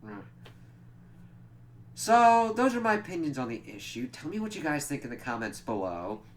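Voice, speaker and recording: A man giving a casual spoken comic book review, retelling scenes with animated acted-out quotes and lots of "like". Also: fairly high pitch, normal speed. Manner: animated retelling, acts out characters' lines, frequent "like".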